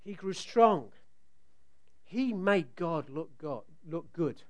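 A middle-aged man preaching a sermon, telling a family story with animated, sometimes loud delivery. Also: fairly high pitch, takes it slowly, highs cut off. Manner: animated storytelling, rising to loud outbursts when acting out scenes.

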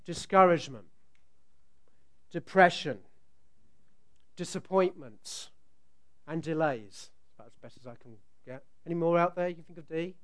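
Animated middle-aged man preaching. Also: fairly high pitch, normal speed, pauses often. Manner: animated storytelling, rising to loud outbursts when acting out scenes. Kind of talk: sermon.

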